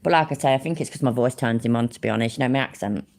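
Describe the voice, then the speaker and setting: A woman's voice: very deep voice, racing, darkish tone. A woman giving rambling, sarcastic live-stream commentary on a video and swearing freely.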